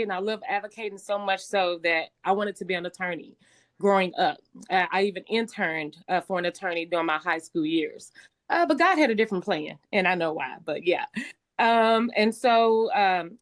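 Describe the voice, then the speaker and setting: A middle-aged woman with a slightly raspy voice, telling her life story as a guest speaker in a conversational way, with many fillers and restarts. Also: mid-range voice. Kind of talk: personal testimony talk.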